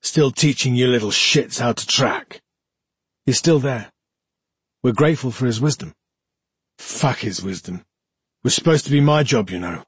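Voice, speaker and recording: A man voicing a drunken, bitter older male tracker who slurs and grumbles, with a very husky voice. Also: mid-range voice, animated, moderate pace, pauses often, dry recording. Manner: slurred, grumbling.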